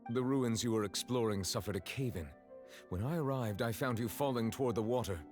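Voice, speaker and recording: A man voicing a dignified male dragon judge in a video game, speaking in a calm, measured and formal manner. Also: mid-range voice, faint music behind, close to an everyday voice. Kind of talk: game voice acting.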